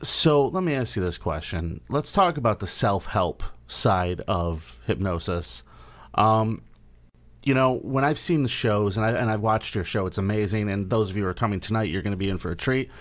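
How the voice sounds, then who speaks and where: A man's voice: lowish voice, lively intonation, normal speed. A man hosting a radio talk show, teasing his co-host in casual banter. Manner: teasing, playful.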